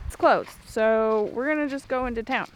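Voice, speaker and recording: A woman's voice: a little high, normal speed, very noisy. A young woman narrating her travel vlog in a chatty, upbeat way, with plenty of filler words. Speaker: travel vlogger.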